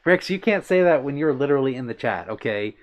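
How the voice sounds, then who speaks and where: A man's voice: mid-range voice, expressive, fast talker. A man hosting a casual livestream, reading out viewer comments with a playful, giggly manner and brushing off compliments bashfully. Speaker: livestream host.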